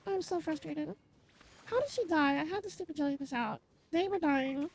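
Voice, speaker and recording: A woman live-streaming a game, chatting casually and complaining out loud about it. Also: sits high, moderate pace, gravelly. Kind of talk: casual live-stream chat while gaming.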